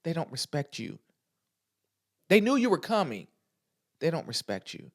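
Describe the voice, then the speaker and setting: A woman's voice: low voice, sing-song, moderate pace. Woman podcast host, solo monologue; blunt, repeats lines for emphasis, speaks right to the listener. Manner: emphatic, repeats phrases for stress; talks straight to listeners, frank and blunt. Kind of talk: casual motivational podcast monologue.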